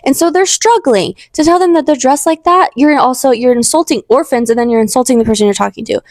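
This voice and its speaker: A young woman talks through her faith in a casual, earnest way, rambling and often restarting her sentences. Her voice sits fairly high. The sound is close and dry, with no room echo. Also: fast, a little mellow. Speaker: podcast host.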